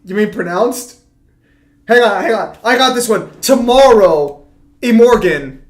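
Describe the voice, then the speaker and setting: A man's voice: sits high, normal speed, a bit bright. A man hosting a casual gaming chat with friends, teasing and laughing often. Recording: echoey room.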